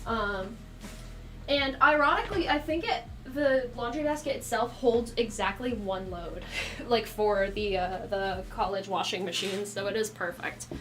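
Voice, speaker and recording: A woman's voice: medium pitch, measured pace. A young woman streamer in casual live chat who swears a lot, laughs often and scolds her cat between remarks. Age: young adult.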